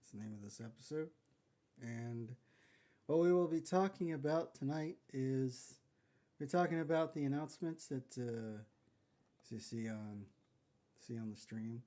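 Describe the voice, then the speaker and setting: A man hosting a casual podcast, talking in a halting way with lots of pauses and restarts. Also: medium pitch, dark tone. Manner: halting, many fillers and restarts. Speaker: podcast host.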